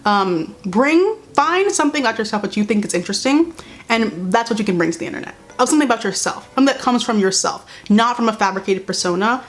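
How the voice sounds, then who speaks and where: A woman's voice: fairly high pitch, animated, fast. A young woman vlogging casual commentary while doing her makeup, blunt, sarcastic and exasperated.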